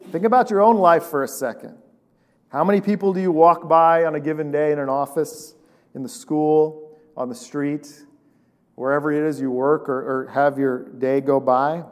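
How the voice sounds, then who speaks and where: A man preaches a sermon as a pastor, his voice fairly high and his pace measured. He keeps things loose and conversational, regularly tossing rhetorical questions at the congregation.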